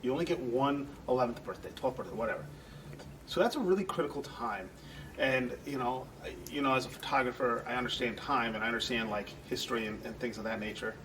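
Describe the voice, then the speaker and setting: A man's voice: medium pitch, fast, distant mic, noisy background. A man guest in an interview, telling earnest, rambling stories and acting out the people he quotes. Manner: earnest, rambling storyteller who acts out quoted voices. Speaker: guest, entertainment center manager. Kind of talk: conversational storytelling interview.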